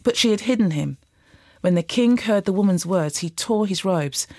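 A woman giving a measured, steady scripted reading of scripture. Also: mid-range voice, dry recording, studio quality. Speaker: Bible reader.

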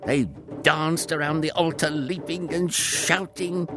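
A man narrating a children's Bible story with expressive storytelling. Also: fairly high pitch, measured pace, music in the background.

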